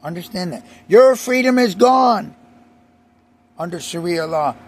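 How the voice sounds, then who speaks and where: A man's voice: high-pitched, lively intonation, measured pace. A man delivering an emphatic, repetitive ranting monologue, often restarting his sentences.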